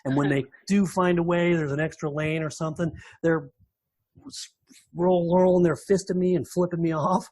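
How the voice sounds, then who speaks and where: A man in recovery telling a personal story as a podcast guest, lively and full of restarts and repeated words. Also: fairly high pitch, moderate pace, breathy edge, no room sound.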